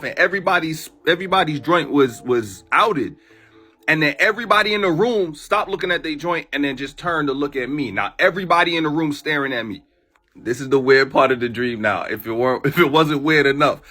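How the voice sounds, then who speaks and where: A man recounts his night into a phone, voice swinging high and low with lively energy. He talks in profane street slang and acts out every line of dialogue. His fairly high voice is a bit husky, with faint music underneath. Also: a little fast. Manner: animated, profane street slang, retells a dream with voiced quotes. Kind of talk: casual storytelling to a phone camera.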